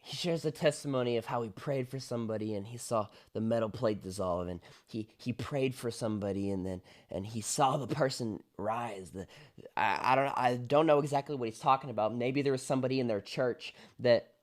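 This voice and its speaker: A man's voice: mid-range voice, brisk. A young adult man, a pastor, giving an enthusiastic, declaring commentary as he reacts to a worship song, repeating his points for emphasis.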